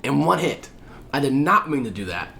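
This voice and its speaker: A man telling a story as a podcast guest in casual chat, animated and profane, acting out the voices of people he quotes. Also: mid-range voice, normal speed, creaky, slight background noise.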